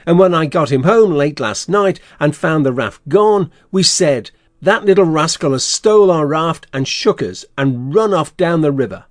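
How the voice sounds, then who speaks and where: A man playing a bossy blustering swindler, high-voiced. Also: lively intonation, normal speed, no echo, clean studio sound, close to an everyday voice. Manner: blustering, threatening, commanding. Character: scheming middle-aged male swindler, gruff and bossy. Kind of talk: audiobook character reading.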